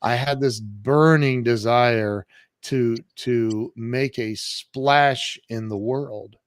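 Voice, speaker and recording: A man in his fifties, an entrepreneur and podcast guest, recounts his life in an animated, conversational way. He often restarts sentences and uses fillers. His mid-pitched voice sounds close and dry, with no room echo. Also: very slow, clean tone. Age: 50s.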